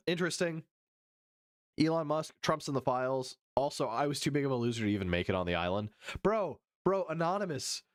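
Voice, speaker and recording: A man live-streaming, reading news haltingly and riffing profanely with his chat. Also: mid-range voice, no echo, studio quality. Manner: profane, reads chat aloud and riffs; reads news text haltingly with fillers.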